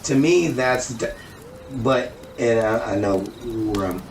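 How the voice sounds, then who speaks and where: A man telling a casual personal story, animated and acting out quoted dialogue. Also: mid-range voice, slow pace. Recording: echoey room, distant mic, noisy.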